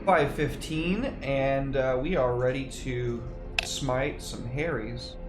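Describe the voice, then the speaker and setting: A man's voice: medium pitch, steady tone, slow, over music. An American man hosting a live tabletop game stream, chatting in a laid-back, folksy way. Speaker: host and player. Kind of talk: casual livestream chat.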